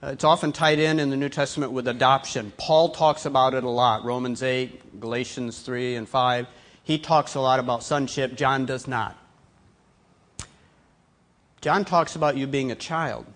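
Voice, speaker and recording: A middle-aged pastor preaching a sermon, moving from hushed personal storytelling to loud, emphatic preaching. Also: male voice, mid-range voice, fairly even intonation, normal speed.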